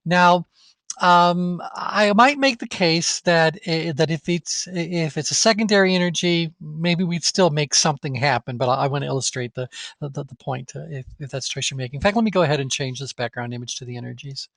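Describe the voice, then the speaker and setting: A man with a slightly higher voice leads a live online training class. He talks casually, thinks out loud and throws questions to his students, recorded close and dry with no room sound. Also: brisk, creaky, dry recording. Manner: conversational, thinks aloud with restarts, asks the class questions. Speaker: course instructor.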